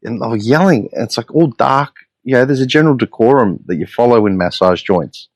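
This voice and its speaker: A man's voice: mid-range voice, expressive, fairly quick, dry recording. An Australian man hosting a solo podcast, telling stories in a blunt, profane, exasperated way. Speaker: podcast host.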